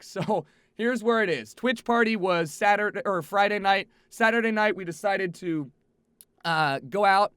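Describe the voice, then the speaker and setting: A young man with a high, bright voice recounts a travel mishap, swearing freely and swinging from exasperated near-shouts to quiet grumbles. He sounds close on a headset, in a dry room with no echo. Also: clear, resonant tone. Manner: animated, profane, swings from exasperated shouting to low mutters. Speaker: streamer telling a travel story. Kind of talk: casual storytelling to camera.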